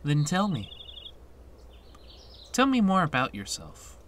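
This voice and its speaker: A bright, upbeat young female instructor who pokes at her student, voiced by a man reading a game's text. The tone is bright and forceful, and each line swings widely in pitch while the pace stays unhurried. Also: a little hiss or hum, exaggerated voice. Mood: cheerful teasing. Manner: reads the on-screen dialogue aloud in a raised, lively voice.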